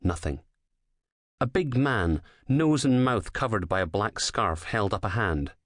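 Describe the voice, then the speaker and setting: A man reads a crime thriller in a measured, dramatic storytelling voice. His voice sits low and the close studio recording is completely dry. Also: lively intonation, no echo. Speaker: audiobook narrator. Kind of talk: scripted narration of a crime thriller.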